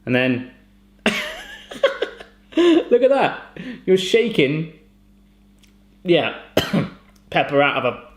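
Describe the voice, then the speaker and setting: Man, excitable gadget tester, lively up-and-down voice, roomy kitchen echo. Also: mid-range voice. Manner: excitable, exclaims often. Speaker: gadget-testing host. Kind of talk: casual chat. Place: home kitchen.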